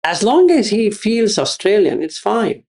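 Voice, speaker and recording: A meditation teacher gives a Buddhist teaching in a high-pitched, sing-song, darkish voice, unhurried. He repeats his phrases and asks rhetorical questions.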